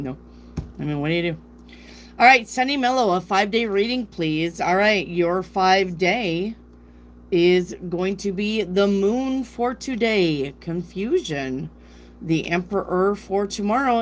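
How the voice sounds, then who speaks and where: A woman's voice: on the low side, slight background noise. A woman from South Dakota with a northern US accent, a tarot reader chatting on a live stream and reading out viewers' questions. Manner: chatty, rambling, reads viewer questions aloud.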